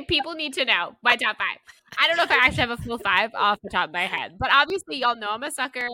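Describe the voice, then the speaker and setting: Gushing, lively woman. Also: fast. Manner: gushing, excitable, swings from loud squeals to low murmurs. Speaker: podcast co-host. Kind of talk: casual book chat.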